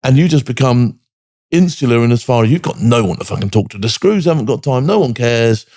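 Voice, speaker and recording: A man's voice: medium pitch, animated, fairly quick, mellow, no echo, clean studio sound. A man over forty, a military veteran giving a candid interview, blunt and full of swearing, tagging his points with "do you know what I mean". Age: 40s or older.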